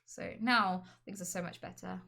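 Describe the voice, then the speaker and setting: A woman streamer in casual chat on a call, frank and chatty, with sudden loud blurts. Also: lowish voice, steady tone, moderate pace, vocal fry.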